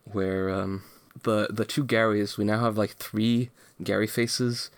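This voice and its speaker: A man's voice: fairly low pitch, little pitch movement, measured pace. A man co-hosting a casual podcast, recapping a comic in a laid-back, rambling way full of fillers and laughs. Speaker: podcast co-host reading a comic. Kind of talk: casual chat.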